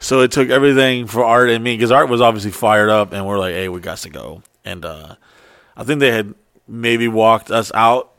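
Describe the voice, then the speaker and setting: A man's voice: fairly low pitch, moderate pace, a bit bright, no echo, clean studio sound. A man telling a story in a casual, profane chat, rambling and stopping to restart often.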